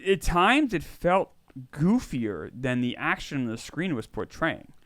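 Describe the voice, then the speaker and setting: A man's voice: a little high, very animated, unhurried, a bit bright, dry recording. Earnest man in his forties. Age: 40s. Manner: earnest, self-deprecating. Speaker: podcast co-host. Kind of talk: casual movie chat.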